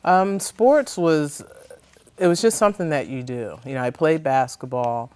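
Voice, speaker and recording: A low-voiced woman in her fifties from New Jersey gives reflective interview answers. She speaks thoughtfully and pauses often with ums as she gathers her words. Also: darkish tone, smooth. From New Jersey, USA. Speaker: interview guest.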